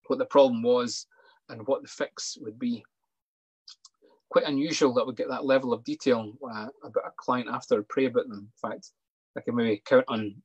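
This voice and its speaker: A man and psychologist telling a personal testimony earnestly, pausing and restarting often. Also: medium pitch, husky, dry recording, low-quality recording. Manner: earnest, halting with many fillers and restarts. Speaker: sports psychologist.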